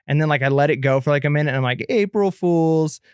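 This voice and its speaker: A man's voice: medium pitch, level tone, rapid-fire, clean tone, no echo, studio quality. A man in his thirties co-hosting a podcast, chatting casually and telling a long story with many fillers and restarts. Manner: rambling, lots of filler and restarts. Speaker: podcast co-host.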